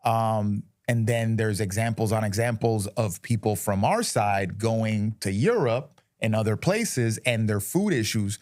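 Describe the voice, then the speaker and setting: A low-voiced man speaks as a talk-show co-host, blunt and opinionated, wandering through his points with restarts. His voice sits close and dry, with no room around it. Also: measured pace, few pauses, a little mellow, no room sound. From United States. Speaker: podcast co-host. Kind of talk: casual chat.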